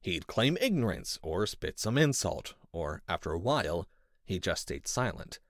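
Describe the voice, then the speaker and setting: A man reading a first-person story in measured, intense scripted narration. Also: dry recording, studio quality. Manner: measured and intense, with lively pitch. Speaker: audiobook narrator.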